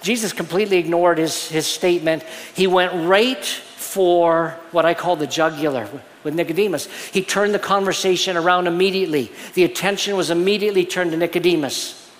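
A man's voice: sits high, brisk. A man preaching a sermon as pastor, earnest and explanatory, often restarting his phrases. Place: church sanctuary. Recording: long reverb of a church hall.

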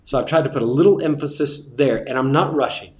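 A man teaching a class on sermon delivery, relaxed and joking, repeating his key points. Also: medium pitch, quick pace, reverberant. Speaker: preaching instructor.

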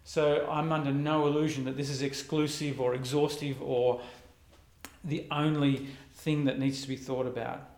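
A man's voice: mid-range voice, level tone, normal speed, darkish tone, roomy sound, a little hiss or hum. A man, preaching a reflective, conversational sermon as a pastor.

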